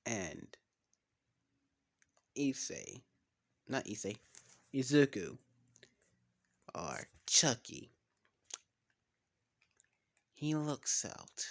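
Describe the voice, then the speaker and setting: A man's voice: medium pitch, vocal fry, a little mellow. A man casually making up a story as he goes, rambling, swearing and losing track of names.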